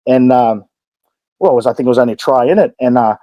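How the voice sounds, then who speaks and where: A young man with a New Zealand accent, a podcast guest telling stories in an animated, fast-talking way. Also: mid-range voice, dry recording, highs cut off. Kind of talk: casual storytelling.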